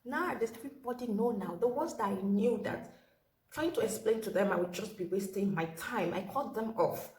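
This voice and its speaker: A woman's voice: mid-range voice, normal speed, darkish tone. A woman telling a personal story in a casual storytime vlog. She gives earnest advice and often repeats her key phrases. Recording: roomy echo with faint ambience.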